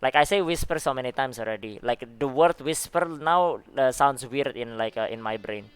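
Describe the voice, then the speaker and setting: A streamer reacting to game forum posts offers laid-back, chatty commentary in a clear, resonant mid-range voice at normal speed. He laughs often and throws in "man" and "dude," with faint music behind him.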